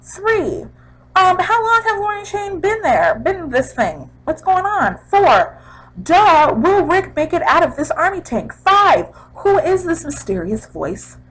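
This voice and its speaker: A young woman casually recapping a TV episode in a chatty, animated way, throwing in sound effects. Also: very high-pitched, measured pace, rough recording. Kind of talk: casual chat.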